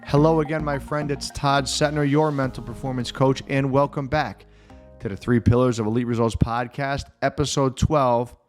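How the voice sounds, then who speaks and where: A man's voice: medium pitch, steady tone, faint music behind. A middle-aged man hosting his own podcast as a mental performance coach, telling a client story in an earnest, emphatic motivational monologue. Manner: earnest, emphatic storytelling with slow stressed phrases.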